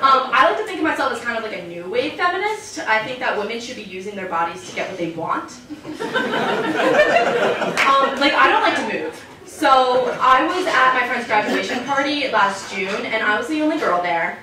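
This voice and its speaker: A young woman delivers a stand-up set in a deadpan, self-mocking way, starting her jokes with "um". Her voice sits a little high and rings through a very echoey club, caught from some distance with noise behind. Laughter from the audience fills the gaps. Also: normal speed. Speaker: stand-up comedian. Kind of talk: stand-up routine. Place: comedy club stage. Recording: echoey club recording from far off.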